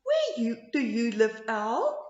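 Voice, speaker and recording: A woman voicing a group of small foxes looking for a home, with a high, whiny childlike voice, in a storybook reading. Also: huge pitch swings, slow, a little mellow, heavily acted. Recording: roomy, slightly dull home recording.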